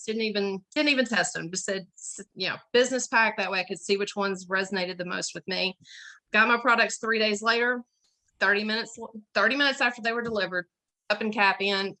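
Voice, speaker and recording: A woman's voice: mid-range voice, pushed and bright, poor audio. A woman giving a candid, emotional personal testimonial on a company video call. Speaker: guest sharing a testimonial.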